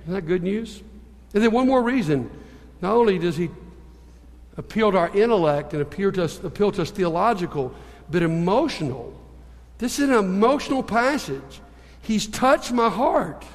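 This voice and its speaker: A man preaching a sermon as a pastor, telling stories in an animated way and moving between hushed and emphatic delivery. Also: high voice, normal speed, big-room sound. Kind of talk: sermon with storytelling.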